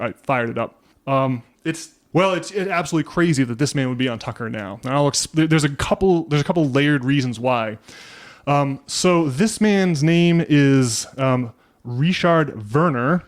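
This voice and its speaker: A man's voice: mid-range voice, normal speed. A man co-hosting a casual podcast, rambling through a story with lots of restarts. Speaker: podcast co-host.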